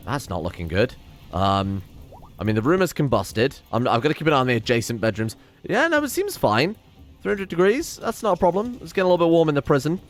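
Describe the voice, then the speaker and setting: A man's voice: medium pitch, fairly bright tone. A man giving casual gameplay commentary as host, reacting aloud and swearing often as things go wrong. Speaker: let's play host.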